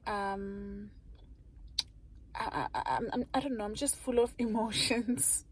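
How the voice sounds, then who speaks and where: A woman's voice: medium pitch, fairly even intonation, a little slow, breathy edge, rough recording. A woman chatting in a heartfelt, chatty way to her vlog viewers, calling them guys. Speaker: vlogger. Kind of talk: casual vlog chat.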